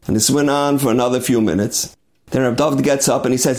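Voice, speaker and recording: Man preacher, emphatic sermon delivery, dramatic storyteller, mid-pitched voice. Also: a little fast, darkish tone.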